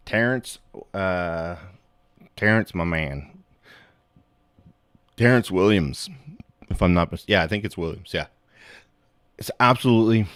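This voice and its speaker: A middle-aged man with a low voice hosts a casual live stream, rambling and profane and laughing at his own jokes. The sound is dry and close. His talk drifts from topic to topic in an easy, offhand way. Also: no echo.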